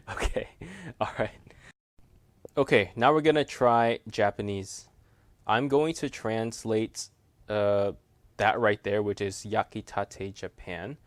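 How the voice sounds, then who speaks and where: A man's voice: fairly low pitch, fairly even intonation, takes it slowly, no echo. A man reviewing a gadget in a chatty, casual demo, laughing easily and poking fun at himself. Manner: chatty, laughs easily, self-deprecating asides. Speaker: tech reviewer.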